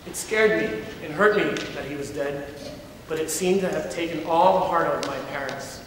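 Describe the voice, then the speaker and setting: A young man giving a dramatic first-person story reading, reflective and measured, performed live in a large hall. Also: fairly high pitch, a little hiss or hum. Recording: echoey hall from far off.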